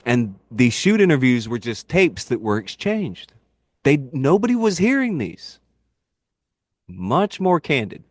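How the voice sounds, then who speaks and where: A man in casual podcast chat, telling animated, rambling wrestling anecdotes and laughing at his own jokes. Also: mid-range voice, a little slow, no room sound. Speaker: podcast guest, wrestling YouTuber.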